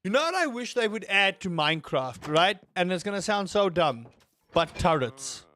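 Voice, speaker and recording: Excitable, foul-mouthed gaming man. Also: high-pitched, normal speed. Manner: excitable, swears freely, rambling asides. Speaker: gaming streamer. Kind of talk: casual let's-play commentary.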